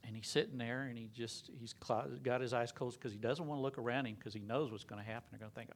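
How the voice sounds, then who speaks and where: A man preaching a sermon, telling a story earnestly and sometimes dropping to a hush. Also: medium pitch, fairly even intonation, fast, few pauses, a little hiss or hum. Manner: earnest, dropping to a hushed whisper at emotional moments.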